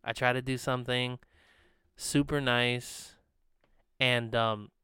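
A man's voice: medium pitch, little pitch movement, takes it slowly, sharp tone, clean tone, dry recording, clean studio sound. A young man co-hosting a podcast, telling long rambling stories with fillers and laughs. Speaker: podcast co-host. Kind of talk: casual chat. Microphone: studio podcast mic.

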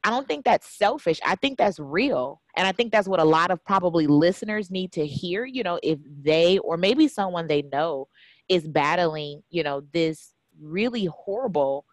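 A woman hosting a podcast interview, relaxed and chatty, with casual slang. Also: on the low side, moderate pace, dry recording. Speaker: podcast host.

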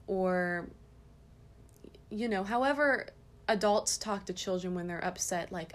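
A woman in her thirties hosting a parenting podcast, telling a story about her kids in an earnest, gentle way. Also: on the low side, steady tone, unhurried. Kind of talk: casual parenting podcast talk.

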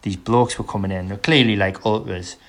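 A man's voice: lowish voice, fairly even intonation, fairly quick. A man from England, casually telling a long story in a podcast chat and acting out the people in it. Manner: rambling storyteller, acts out quotes.

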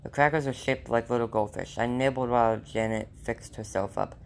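A man's voice: medium pitch, steady tone, brisk, vocal fry, clear, resonant tone. A man reading a children's novel aloud in a plain way, with small slips and restarts. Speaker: reader.

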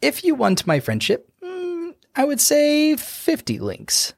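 A man's voice: extremely high pitch, wildly swooping pitch, slow pace, vocal fry, no room sound, voice pushed up, exaggerated voice. A man voicing a smug, scheming halfling con man with a sly, oily way of talking.

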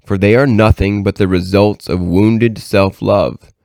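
A man with a very low voice reads a devotional book aloud in a measured, earnest way. The recording is dry and close, with no room sound. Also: steady tone, creaky, a little mellow, dry recording. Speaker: reader.

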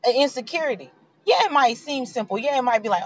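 A woman's voice: high voice, lively intonation, fast, a little hiss or hum. A woman, giving a heartfelt, preachy motivational faith talk in a conversational way. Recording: dull lo-fi sound.

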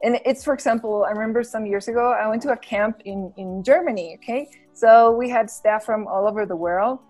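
A woman's voice: a little high, brisk, darkish tone, faint music behind. Giggly woman guest. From Bolivia. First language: Spanish. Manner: laughs often, many fillers and restarts. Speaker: podcast guest, English school founder. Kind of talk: casual chat.

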